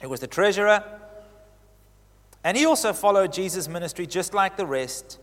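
A man preaching a sermon who gets animated, swinging in pitch and loudness as he drives his points home. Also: moderate pace, big-room sound.

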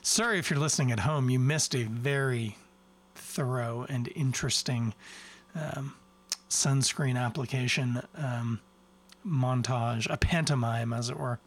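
A man's voice: medium pitch, a little slow. Male podcast host, casual beer tasting chat, rambling and self-mocking, mid-range voice.

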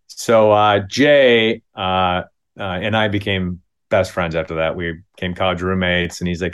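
A man in his fifties from Minneapolis, telling a comic story in a halting, self-deprecating way with many restarts. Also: low-pitched, fairly even intonation, fairly bright tone, smooth. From Minneapolis, United States.

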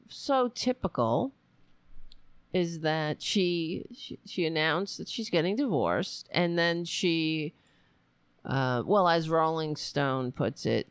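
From her home, a middle-aged American woman hosts a political talk stream, her voice fairly low and clean on a dry recording. She rambles, swears, laughs often and chats with her viewers in casual live commentary.

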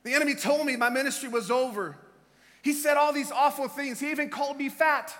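A middle-aged man preaching a sermon, impassioned and shouting exhortations with chuckles in between. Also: very high voice, a little fast, a little hiss or hum. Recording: reverberant hall.

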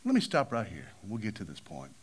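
A man with a husky voice preaches a sermon at a slightly fast pace. He's animated, acting out the people in his stories with big swings of pitch.

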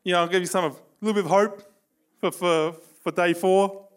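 Animated male preacher, slightly high voice. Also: brisk, clean tone. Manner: storytelling, animated, with bursts of emphasis. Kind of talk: sermon.

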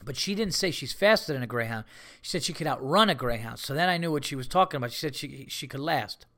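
A man hosting a comedy podcast, telling rambling, profane stories in a casual, animated way. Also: medium pitch, fast.

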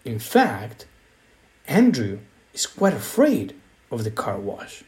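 A man reading a children's story aloud in a slow, expressive, sing-song way. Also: medium pitch.

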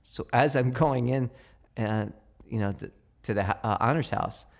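Man, podcast co-host, casual chat, animated storyteller, quotes voices, laughs often. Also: mid-range voice, moderate pace, gravelly.

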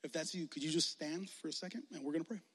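A young man preaching as a youth pastor in a casual, animated way, acting out quoted voices as he leads an altar call. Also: fairly high pitch, quick pace, husky. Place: large hall with audience. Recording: long hall reverb.

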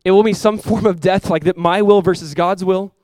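A young adult man preaching a sermon as pastor, casual and animated, full of "like" asides. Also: high voice, brisk, dry recording. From South Florida.

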